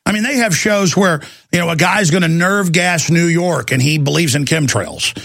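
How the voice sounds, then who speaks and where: Gravelly radio host ranting. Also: male voice, fairly high pitch, normal speed, no echo. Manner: animated, rambling, acts out quoted voices. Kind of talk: ranting talk radio monologue. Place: radio studio.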